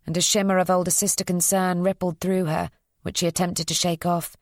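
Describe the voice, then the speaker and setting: A woman reading a psychological thriller as an audiobook narrator, in an even, measured storytelling voice. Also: on the low side, no echo, studio quality.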